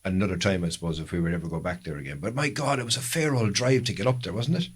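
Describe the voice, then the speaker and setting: An Irish podcast co-host with a fairly low voice, talking in a relaxed, casual way. He tells long, winding anecdotes and keeps backtracking to fix details mid-sentence. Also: racing, breathy edge. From Ireland. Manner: long rambling storytelling with self-corrections. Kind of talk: casual chat.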